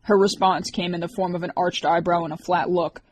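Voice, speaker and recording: A woman narrating an audiobook in a steady, even reading voice. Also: fairly low pitch, brisk.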